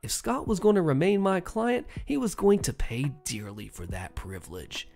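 Gravelly, sardonic story narrator. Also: mid-range voice, sing-song, moderate pace, darkish tone. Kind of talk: first-person story narration.

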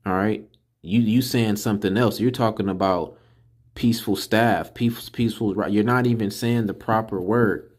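A man giving a casual screen-recorded lesson, slowly sounding out syllables and repeating words to drill them. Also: lowish voice, steady tone. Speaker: religious teacher. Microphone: computer mic while screen recording.

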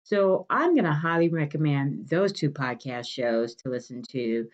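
Animated woman telling a story. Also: measured pace, highs cut off. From Detroit. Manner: animated, acts out quotes in a lively higher voice. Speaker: podcast host. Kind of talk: casual storytelling monologue.

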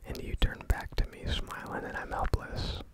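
A man voicing a young woman in love, in a whispered role-play of a rap, soft and low. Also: moderate pace, close to an everyday voice, poor audio. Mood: tender.

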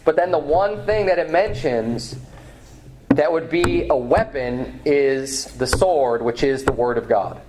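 A pastor preaching a sermon in church, reading scripture aloud with some restarts and fillers. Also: male voice, fairly high pitch, expressive, unhurried, background noise. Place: church sanctuary.

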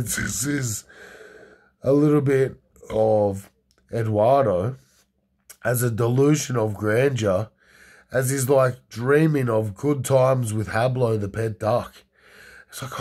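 A young man spins a crude yarn in a relaxed, rambling way. He leans on fillers and restarts. His voice sits at an ordinary middle pitch. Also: slow. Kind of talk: casual oral storytelling.

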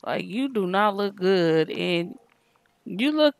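A woman's voice: mid-range voice, lively intonation, takes it slowly, dry recording. A woman doing a worried game boyfriend. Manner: casual slangy questioning. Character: concerned young boyfriend game character.

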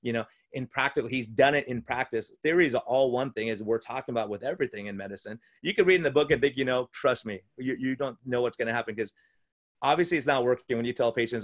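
A man's voice: medium pitch, fast talker. A male physician and podcast host in casual conversation at home, enthusiastic and rambling, often restarting his sentences. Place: room at home.

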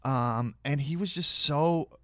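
A man's voice: fairly high pitch, slow pace, dry recording. Man telling anecdotes in a dry room. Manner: animated anecdotes, many fillers and restarts. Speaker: guest actor. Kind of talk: casual podcast storytelling.

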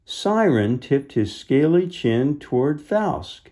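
A man reading a children's book aloud, pausing to explain the story gently to young listeners. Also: a little high, big pitch swings. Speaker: storybook reader.

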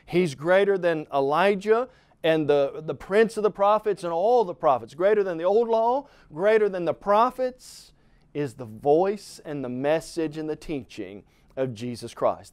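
Earnest middle-aged male preacher, a little high-pitched, emphatic delivery with rising and falling volume. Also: darkish tone, clear, resonant tone, no room sound. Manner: addresses the listener as "friend". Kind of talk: televised Bible lesson.

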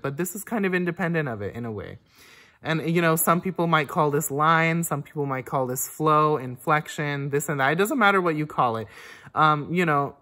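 With a low, fairly bright voice, an oboe teacher talks through a casual music lesson, wandering as she reflects aloud. She hums phrases on syllables so the student hears how they should flow.

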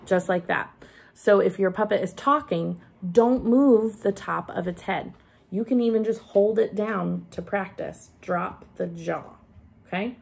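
A woman teacher giving a gentle, hands-on craft lesson for young children while she demonstrates each step. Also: medium pitch, unhurried, gravelly, husky.

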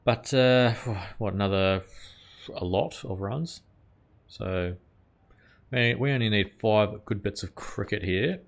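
A man talks over his video game in a low, gravelly voice, flipping between quiet muttering and sudden loud reactions. He swears freely at the game and keeps up a casual stream of commentary. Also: slow, pauses often. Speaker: gaming channel host.

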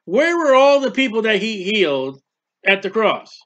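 Fervent high-voiced man preaching. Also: very animated, normal speed, a bit bright, muffled recording. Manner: fervent, repetitive preaching with rhetorical questions and acted-out prayers. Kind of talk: sermon.

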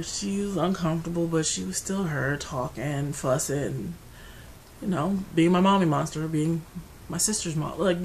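A woman vlogger talking through her grief at home, rambling and restarting, going quiet and then loud. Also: low voice, a little hiss or hum, poor audio. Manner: grieving, rambling, restarts often, swings between quiet and loud. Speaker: beauty vlogger. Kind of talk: casual personal talk to camera. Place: her apartment.

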